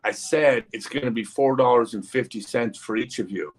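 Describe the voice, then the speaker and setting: A man voicing a deadpan teenage farm girl with a Southern accent, speaking in a flat, insistent drawl. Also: mid-range voice, normal speed, vocal fry.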